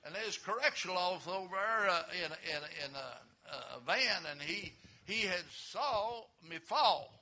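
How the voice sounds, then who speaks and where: An older man preaching a sermon in a folksy storytelling way, chuckling often, with a gravelly voice. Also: high-pitched, lively intonation, unhurried, few pauses, bright, forceful tone.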